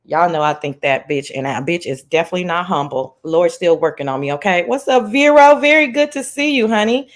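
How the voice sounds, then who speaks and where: A woman hosting a casual livestream chat from her laptop, sassy and playful, greeting viewers by name in a lively sing-song. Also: fairly low pitch, brisk, few pauses. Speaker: livestream host. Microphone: laptop mic.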